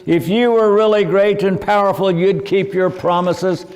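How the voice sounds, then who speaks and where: Man reading as an indignant young girl, high, slow, gravelly, reverberant hall. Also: steady tone, a little mellow, natural voice.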